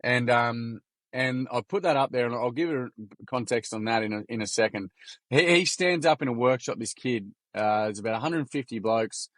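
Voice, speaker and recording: A man's voice: medium pitch, moderate pace, a bit bright, no room sound. An Australian man, a podcast guest, telling stories in a frank, earnest way with casual swearing. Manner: frank, earnest, salty storyteller. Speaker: podcast guest, youth workshop founder. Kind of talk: casual storytelling.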